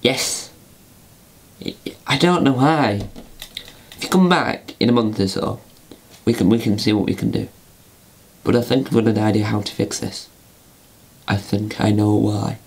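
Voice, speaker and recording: A man's voice: fairly low pitch, unhurried, vocal fry, pauses often, breathy edge, exaggerated voice. A man voicing a fretful, put-upon puppet host who talks to himself and stumbles over names in a homemade puppet comedy.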